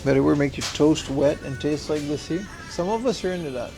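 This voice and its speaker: A man's voice: a little high, fairly quick, soft background music. A man casually chatting on a livestream as he browses a secondhand shop, slangy and talkative, answering his chat.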